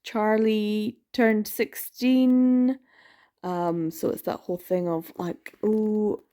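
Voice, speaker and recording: A woman's voice: mid-range voice, takes it slowly, warm tone. A woman chatting casually in a reading vlog, rambling with many ums and laughs, sounding tired. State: tired, yawning. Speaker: book vlogger.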